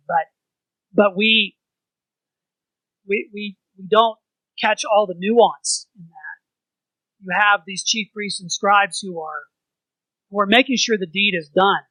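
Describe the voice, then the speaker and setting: A man's voice: high-pitched, bright, forceful tone, no echo, low-quality recording. A man leading an informal church Bible study, talking conversationally and putting questions to the group.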